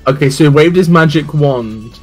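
A man's voice: on the high side, moderate pace, faint music behind. A man co-hosting a game stream, chatting casually with crude, rambling jokes and playful teasing. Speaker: streamer, co-host. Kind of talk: casual chat over gameplay.

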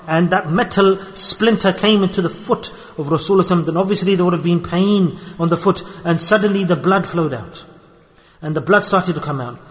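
A man from the UK preaching a sermon as a sheikh, telling a story with feeling, rising loud in moments of distress and dropping soft in tender ones. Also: a little high. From United Kingdom. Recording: long hall reverb.

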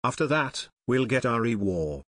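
A man's voice: mid-range voice, very animated, normal speed, fairly bright tone, breathy edge, no echo. A man voicing a scheming male army major who gives orders smugly. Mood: commanding. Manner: commanding, fiendishly smug.

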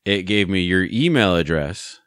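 A man's voice: low voice, animated, normal speed, fairly bright tone, clean tone, dry recording, clean studio sound. A man hosting a podcast, telling a story in a casual, rambling way with many fillers and restarts. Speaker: podcast host.

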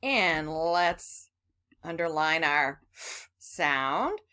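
Patient woman phonics teacher, bright and slow, coaxing children through each sound. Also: low voice, expressive, smooth.

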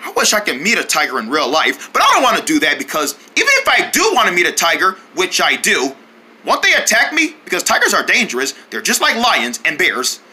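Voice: mid-range voice, wildly swooping pitch, a little fast, sharp tone, slightly rough, exaggerated voice. A performer voicing a playful cartoon boy who loves tigers, growling and roaring between sentences. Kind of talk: cartoon character acting.

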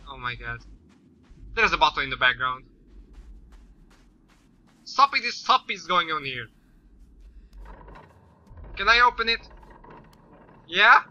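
A man doing let's-play commentary, swearing often and yelling at the game. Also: high voice. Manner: swears a lot, yells at the game. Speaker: gaming YouTuber. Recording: slightly dull lo-fi mic with faint noise.

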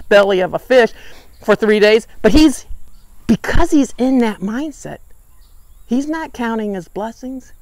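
A woman teaching a church Bible study lesson, lively and animated, acting out the people in the story as she goes. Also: on the high side, no echo. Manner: animated, acts out the characters' lines.

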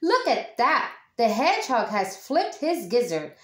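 Storybook gander: noisy, jeering male goose, woman reading, honking and high. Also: very animated, unhurried. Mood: mocking. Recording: echoey room.

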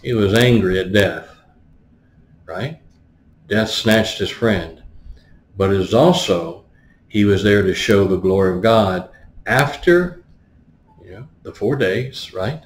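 A man's voice: on the low side, slow, long pauses, reverberant. A man preaching a teaching sermon. He explains words one by one and often stops to ask "right?". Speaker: pastor.

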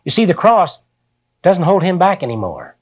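An older man preaching a sermon, reading scripture slowly and then explaining it in plain, folksy talk. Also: sits high, huge pitch swings.

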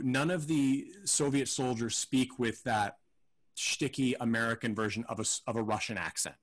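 This man sounds like a podcast co-host picking apart a movie. He thinks out loud, circling back with plenty of ums and restarts. His pitch sits at an ordinary middle. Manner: rambling, hesitant, thinks aloud with many fillers. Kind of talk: casual film discussion.

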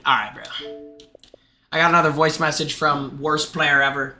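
High, sharp-voiced excitable young streamer man. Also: normal speed, long pauses, soft background music. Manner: excitable, shouty, talks to chat. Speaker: gaming streamer. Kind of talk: live game commentary.

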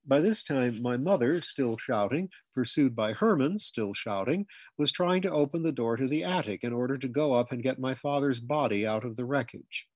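A man reading a humorous memoir aloud in scripted narration, now and then jumping into loud, high shouts for the family members he quotes. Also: animated, moderate pace, few pauses, husky, no room sound. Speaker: audiobook reader.

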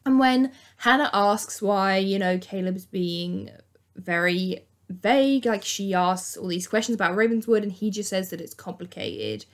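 A woman's voice: mid-range voice, unhurried. Chatty woman recapping a TV show. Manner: chatty and animated, acts out quotes. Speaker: YouTube host. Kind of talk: casual recap commentary.

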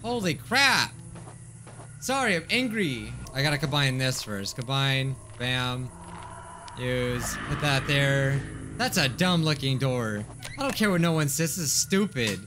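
A man playing a horror game and commenting as he goes, thinking aloud and getting loudly frustrated. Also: unhurried, background noise. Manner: excitable, thinks aloud, swings between mutters and high yelps of frustration. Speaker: gaming YouTuber. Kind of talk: let's play commentary.

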